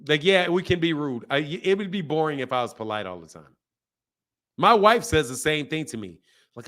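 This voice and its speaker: In casual boxing livestream commentary, a man reads chat aloud and speaks bluntly, rambling, repeating himself, and using a lot of slang. His pitch is fairly high, his intonation lively, his tone a bit bright, and his pace moderate.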